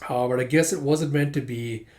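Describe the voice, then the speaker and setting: A man's voice: mid-range voice, moderate pace, darkish tone. A man giving a casual, rambling commentary on a manga chapter, thinking aloud with fillers.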